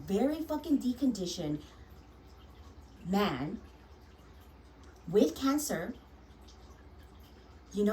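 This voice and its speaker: A woman's voice: medium pitch, big pitch swings, slow pace, pauses often, far from the mic, a little hiss or hum, low-quality recording. A woman who works as a nurse, telling a personal story frankly and heatedly, swearing often and restarting her sentences.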